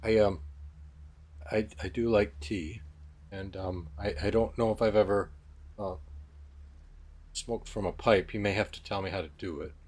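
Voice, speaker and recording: A man voicing a grieving young nobleman who stammers softly through tears. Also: on the low side, fairly even intonation, slightly rough. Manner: stammering, halting, soft. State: crying.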